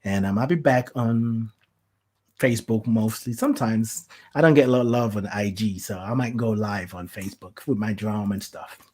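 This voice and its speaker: A podcast host in casual spiritual talk, heartfelt and preachy, flaring into animated rants and blessing the listener. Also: mid-range voice, moderate pace, breathy edge.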